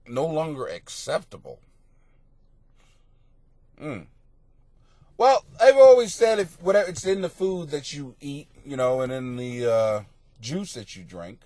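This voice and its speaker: Brief: male comic podcast host, high lively voice, slow, dry close sound, profane advice rants. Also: no echo. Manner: loud, profane, mocking, swings into yelling. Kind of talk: crude comedic advice rant. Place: home basement.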